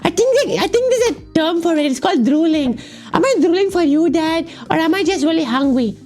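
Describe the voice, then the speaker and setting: A needy little radish son in a game voice-over, put on by the player, whining and pleading for his dad. The voice sits extremely high and leaps about wildly in pitch. Faint music plays underneath. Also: expressive, a little fast. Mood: whiny pleading. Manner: whiny, pleading, often shouting "Dad". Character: clingy little radish son, whiny and dramatic.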